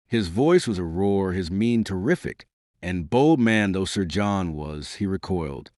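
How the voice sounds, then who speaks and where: A man narrating an audiobook in a dramatic, measured reading. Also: deep voice, lively intonation, a little mellow, no echo, studio quality.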